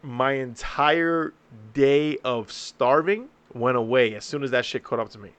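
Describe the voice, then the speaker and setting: Profane, animated young man hosting podcast. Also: mid-range voice, unhurried, clear, resonant tone. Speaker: podcast host. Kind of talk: casual chat.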